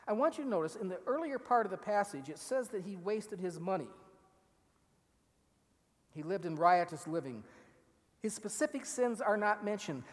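A man preaching a sermon, acting out quoted lines with rising force and dropping to a near-whisper for emphasis. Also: high-pitched. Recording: long reverb of a large hall.

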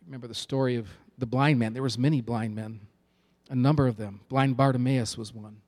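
A man's voice: medium pitch, steady tone, a little fast, darkish tone. A man preaching a sermon with an emphatic, repetitive cadence.

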